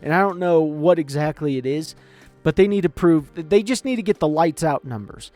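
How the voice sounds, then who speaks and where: Animated man ranting casually. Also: fairly high pitch, moderate pace, dry recording, soft background music. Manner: animated, rambling, swearing. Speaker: sports commentator. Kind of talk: casual opinionated chat.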